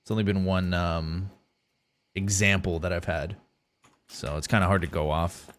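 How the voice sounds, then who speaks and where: This is live gameplay commentary from a young man streaming a survival game, chatting loosely with his viewers and rambling between moves. He has a deep, slightly bright voice with a steady tone and a moderate pace.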